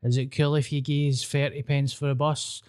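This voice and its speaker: A Scottish man with a mellow, relaxed timbre tells stories on a podcast. His talk is casual and peppered with swearing. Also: mid-range voice, normal speed, smooth. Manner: sweary, storytelling. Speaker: podcast host. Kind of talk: casual chat.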